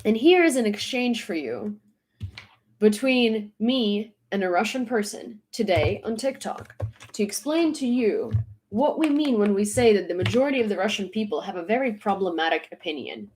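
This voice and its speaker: A woman's voice: medium pitch, animated, moderate pace, a little mellow. A woman delivering a blunt, exasperated vlog rant, hammering her points home by repeating them. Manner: emphatic, repeating points for stress. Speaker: social media commentator.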